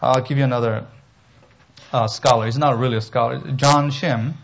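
A man preaching an expository sermon as pastor, emphatic and animated, with humorous asides. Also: medium pitch, normal speed, creaky, muffled recording.

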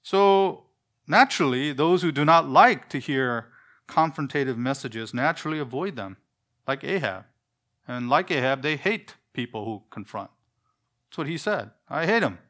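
A man's voice: medium pitch, expressive, moderate pace, a bit bright. A man preaching a sermon in an earnest, emphatic way, full of rhetorical questions.

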